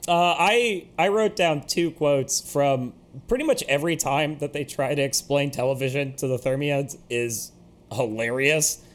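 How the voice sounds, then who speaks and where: A man's voice: on the high side, unhurried. A man co-hosting a casual podcast who laughs often while recounting favorite movie quotes. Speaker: podcast co-host. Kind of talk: casual film discussion.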